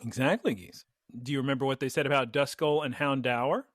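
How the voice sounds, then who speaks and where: A man hosting a podcast, retelling an episode in a lively, animated way in casual chat. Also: mid-range voice, a little fast, no echo, clean studio sound. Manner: animated storytelling, voices quotes. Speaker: podcast host recapping an episode.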